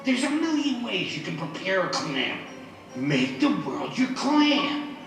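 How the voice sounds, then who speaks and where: A man's voice: high-pitched, big pitch swings, a little slow, echoey room, recorded from a distance, music in the background. An actor playing a crude, scheming older man in a sitcom, talking in a blunt, rambling way. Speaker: sitcom character. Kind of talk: sitcom acting.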